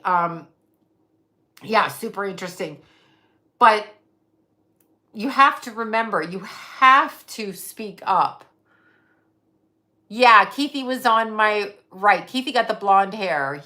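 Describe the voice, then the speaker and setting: A woman's voice: medium pitch, bright, forceful tone. A middle-aged woman hosting a casual livestream, venting bluntly with profanity and reading viewer comments aloud. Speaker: livestream host. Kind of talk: casual live chat.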